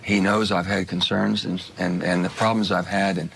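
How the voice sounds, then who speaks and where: Deep gravelly man in a TV interview. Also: little pitch movement, normal speed, fairly bright tone, a little hiss or hum. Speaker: politician in a TV interview. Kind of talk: TV news interview answer.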